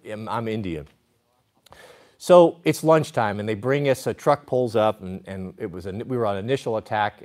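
A man's voice: on the low side, a little mellow. A man hosting a livestream who tells a long story in a rambling way, with restarts and acted quotes. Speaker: host.

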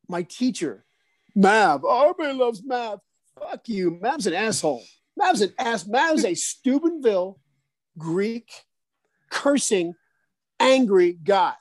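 A man's voice: sits high, moderate pace, no echo. Profane, stammering man. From South Jersey. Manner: profane, animated, stammering restarts. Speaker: storyteller guest. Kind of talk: casual storytelling chat.

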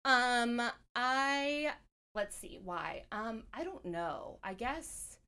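A woman's voice: on the high side, expressive, very slow, bright, forceful tone, smooth. A woman from California telling stories as a podcast guest, chatty and rambling with plenty of fillers. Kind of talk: casual interview storytelling.

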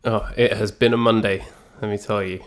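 A man hosting and editing a podcast, chatting casually with dry, deadpan jokes. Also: lowish voice, a little fast. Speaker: podcast host and editor. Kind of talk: casual chat.

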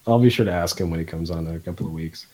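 A man with a Midwestern accent hosting a casual podcast chat, talking with many fillers and pauses. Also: low-pitched, noisy background. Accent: Midwestern American. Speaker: podcast host.

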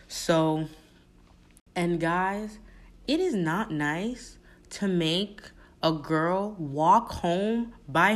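Low, slow-talking young woman podcaster. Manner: blunt, profane and impassioned. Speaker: podcast host. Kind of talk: solo podcast monologue.

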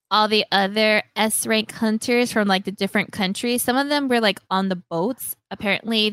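Smooth-voiced woman retelling a story. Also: mid-range voice, dry recording. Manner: animated storyteller, acts out quoted lines. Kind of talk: casual fan chat.

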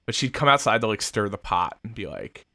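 A young man's low, creaky voice comes out pushed, bright and very animated as he co-hosts a casual podcast chat, talking a little fast. He rambles in a laid-back way and swears often, and the studio-quality audio has no echo.

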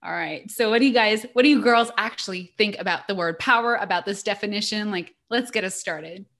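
A woman's voice: mid-range voice, brisk, a bit bright. A woman hosting a podcast, upbeat and enthusiastic, cheering her guests on in casual chat. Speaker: podcast host.

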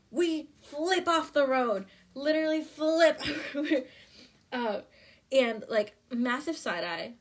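A young adult woman hosting a casual book recap podcast, animated and chatty, laughing often and filling with "like.". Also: on the high side, slow. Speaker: podcast host.

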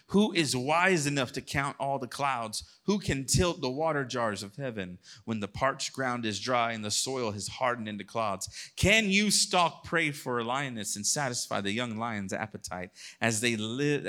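In a mid-range voice, a male pastor preaches a sermon, reading scripture aloud and dramatizing God's lines as he alternates between whispers and loud bursts.

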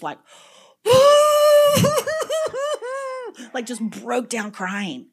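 A middle-aged woman preaching a sermon, telling stories with animated energy, dropping to whispers and breaking into shouts. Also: fairly low pitch. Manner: animated storytelling, drops to whispers and bursts into shouts.

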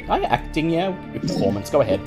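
A man's voice: a little high, sing-song, fast, music in the background. A man running a tabletop game, explaining rules and narrating the action vividly. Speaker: game master.

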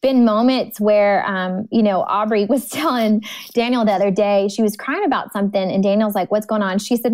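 A woman's voice: mid-range voice, normal speed, a little mellow, no echo. Woman telling heartfelt stories as a podcast guest, dry sound. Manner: earnest, heartfelt storytelling. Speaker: podcast guest, ministry speaker. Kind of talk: casual interview chat.

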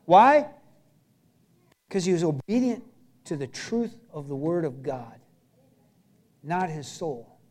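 A man's voice: on the high side, expressive, takes it slowly, long pauses, a little mellow. A man preaching a sermon as pastor, telling a personal story in a conversational, emphatic way.

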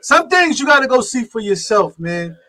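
A man joining a podcast as guest, hyped and loud, repeating phrases for emphasis. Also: extremely high pitch, very animated, normal speed. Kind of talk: casual chat.

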